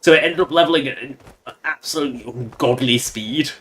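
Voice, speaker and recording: A man's voice: mid-range voice, fairly quick, a bit bright. A man giving casual, sarcastic, rambling commentary while he plays a game on stream.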